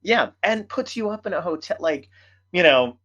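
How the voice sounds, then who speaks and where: A man hosting a podcast, telling stories in casual chat, animated and swearing freely. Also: high voice, normal speed, highs cut off. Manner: animated storyteller, swears a lot. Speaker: podcast host.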